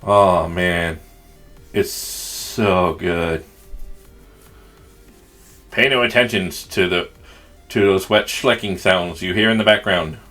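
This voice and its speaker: A man's voice: low voice, slow, long pauses, pushed and bright, soft background music. Rambling Southern-accented man unboxing games. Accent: Southern US country. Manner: crude joking, rambling and chatty. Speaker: gaming channel host. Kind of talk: casual unboxing commentary.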